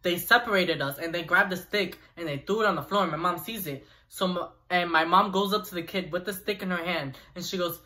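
A young man vlogger telling a personal story in an animated, chatty way with asides to viewers. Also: high-pitched, a little fast, hardly any pauses. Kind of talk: storytime vlog.

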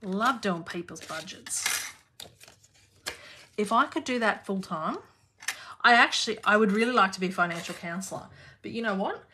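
A woman's voice: medium pitch, normal speed, long pauses, background noise. An Australian woman hosting a live craft class from her home craft room, chatting casually and laughing while she works. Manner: chatty, laughs often, talks while working.

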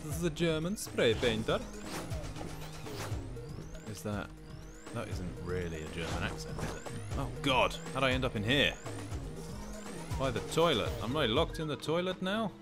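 A man's voice: mid-range voice, sing-song, moderate pace, pauses often. A middle-aged man with a sweary, joking way of talking to himself as he comments on a game he is playing. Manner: sweary, jokey, talks to himself. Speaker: let's play host. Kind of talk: casual gameplay commentary. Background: background game music.

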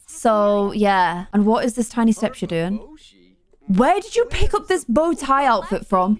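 A young woman giving chatty, exasperated commentary over her own gameplay, quick to exclaim when things go wrong. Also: on the high side, lively intonation, soft background music. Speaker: gaming YouTuber.

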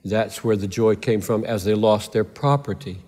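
A man's voice: lowish voice, steady tone, normal speed, a little mellow. An older man preaching a sermon in a large church, emphatic and repeating phrases for stress. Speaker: pastor. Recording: reverberant church hall.

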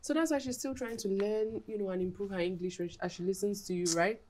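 A woman's voice: mid-range voice, quick pace, a crowd in the background, close to an everyday voice. An actress playing a weary, strict middle-aged mother with a Nigerian accent who speaks firmly and sighs often. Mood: stern. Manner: firm and tired, with sighs.

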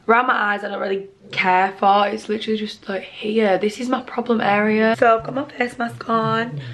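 A woman, chatting casually to camera at home, rambling and often speaking quietly. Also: medium pitch, level tone, moderate pace. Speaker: lifestyle vlogger. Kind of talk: casual vlog chat to camera. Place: at home in a bedroom at night.

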